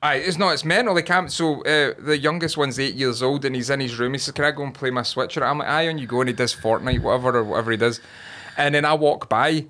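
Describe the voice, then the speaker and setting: A man's voice: mid-range voice, fairly even intonation, sharp tone. Rambling Scottish man in his thirties. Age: 30s. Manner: rambling, halting, sweary, says "aye" a lot. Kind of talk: casual chat.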